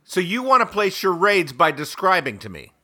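A man's voice: high voice, big pitch swings, normal speed, bright, forceful tone, no room sound, clean studio sound. A man co-hosting a comedic podcast, playful and jokey, bantering and reading ads. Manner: playful, jokey, eager guessing. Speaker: podcast co-host.

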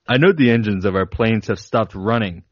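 Male co-host, low voice, reads dramatically; dull, dry sound. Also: normal speed, no echo. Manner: dramatic reading with laughs breaking in. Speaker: podcast co-host. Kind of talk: reading a flight log aloud, then casual chat.

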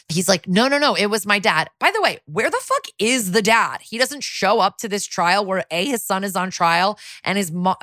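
A woman with a slightly low voice co-hosts a chatty podcast, recapping a TV plot with lively, profane asides. She acts out the characters' lines as she goes, and the recording is close and dry. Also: dry recording. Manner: animated, swearing, acts out quotes. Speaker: podcast co-host. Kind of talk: casual recap of a TV episode.

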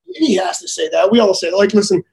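High-voiced, laughing former pitcher. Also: male voice, fast, vocal fry, darkish tone, roomy sound, low-quality recording. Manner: blunt, profane, laughs while telling stories. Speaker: former major league pitcher, guest. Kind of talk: casual storytelling.

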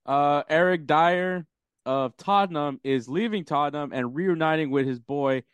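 Smooth-voiced man chatting about soccer. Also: fairly high pitch, a little slow, no room sound. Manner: rambling, swears, laughs often. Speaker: podcast co-host. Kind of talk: casual soccer chat.

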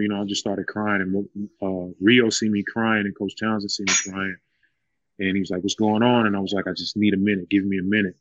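Low-voiced man, heartfelt casual storyteller. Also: no echo, lo-fi sound. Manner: heartfelt, loose, many "you know" fillers. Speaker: former college basketball player, guest.

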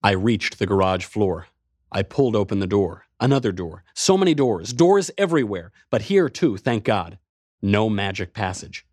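A man's voice: fairly low pitch, very animated, normal speed, a little mellow, no echo, studio quality. A man narrating a first-person adventure story in a tense, driving way.

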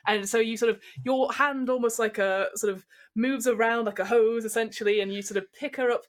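A woman's voice: a little high, fairly even intonation, fairly quick. Gm lady narrating a tabletop game, chatty and rambly, kinda all over the place. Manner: chatty and rambling, full of fillers. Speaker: game master.

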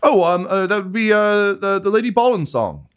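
A man's voice: high-pitched, big pitch swings, a little fast, fairly bright tone, clean tone, voice pushed up. A man voicing a nervous, stammering male roof worker in a tabletop game. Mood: flustered. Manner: stammering, flustered.

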